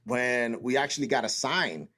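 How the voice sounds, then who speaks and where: A man's voice: mid-range voice, normal speed. Profane man telling a boot camp story. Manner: profane, animated storytelling with acted-out quotes. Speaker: Marine veteran podcast host. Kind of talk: casual storytelling.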